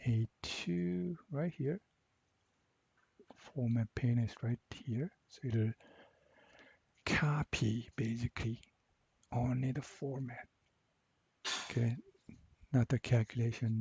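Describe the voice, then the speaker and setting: A man walking through a software assignment step by step, repeating each instruction slowly. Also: mid-range voice, husky, muffled recording. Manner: slow, step-by-step, repeats cell names. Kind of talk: screen-recorded software tutorial.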